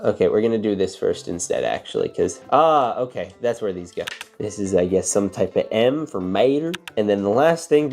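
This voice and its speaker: A man's voice: normal speed, creaky, hardly any pauses, faint music behind. Chatty guy building lego on his channel, voice jumps all over, hyped up. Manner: chatty and excitable, big pitch jumps. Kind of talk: casual building vlog.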